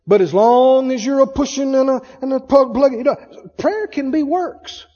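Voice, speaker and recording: High-voiced, emphatic male preacher. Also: moderate pace, mellow, big-room sound, muffled recording. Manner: emphatic, call-and-response, acts out voices. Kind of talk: sermon.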